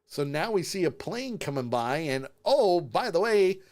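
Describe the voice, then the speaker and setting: Streaming from home, a tired man co-hosts a live podcast, loosely recapping a show. He's an animated storyteller who acts out the lines and laughs a lot, speaking a little slowly in a fairly high voice.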